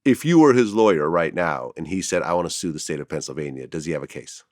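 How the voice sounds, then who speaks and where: Deep-voiced man asking probing questions. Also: expressive, fast, dry recording, studio quality. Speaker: interviewer host. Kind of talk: interview questions.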